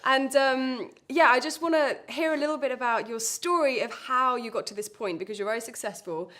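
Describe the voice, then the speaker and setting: A woman's voice: high voice, brisk, fairly bright tone. A woman hosting an interview, bubbly and effusive, often jumping in with questions and reactions. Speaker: interview host. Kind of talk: casual interview chat.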